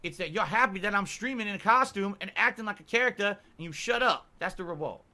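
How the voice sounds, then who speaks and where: A man playing a loud chicken colonel on a livestream, drawling and calling everyone boy. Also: high-pitched, animated, fast, full character voice. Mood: mocking. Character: loud southern fried-chicken colonel, bossy old man. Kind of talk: livestream clip in costume character.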